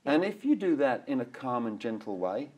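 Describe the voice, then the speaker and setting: A middle-aged man, a dog behaviour expert, talking as a guest in a casual interview. He is animated, acts out examples and laughs often. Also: medium pitch, normal speed, slightly rough, highs cut off.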